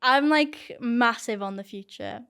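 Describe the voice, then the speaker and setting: A woman's voice: on the high side, a little slow. A young woman talking casually as an interview guest, chatty and earnest with lots of "like". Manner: chatty, heavy use of "like", earnest. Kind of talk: casual talk to camera.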